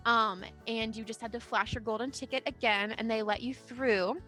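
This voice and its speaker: High-voiced woman running a tabletop game, lots of uhs, bright tone. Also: steady tone, moderate pace, soft background music. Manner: filler-heavy, giggly. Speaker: game master.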